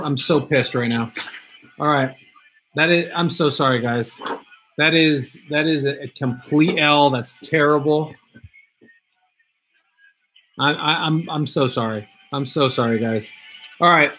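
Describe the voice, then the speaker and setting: Casual male streamer, slightly high voice, loose and repetitive, reads chat aloud. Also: measured pace, pauses often, a bit bright, slight background noise. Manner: chatty, reads viewer comments aloud, repeats himself. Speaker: livestream host opening card packs.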